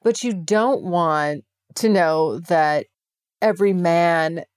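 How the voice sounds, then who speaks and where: A woman's voice: lowish voice, slow pace, clean tone, dry recording, clean studio sound. A woman hosting her own podcast, talking casually and candidly to her listeners, with laughs and the odd swear word. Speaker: podcast host. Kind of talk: casual solo podcast monologue.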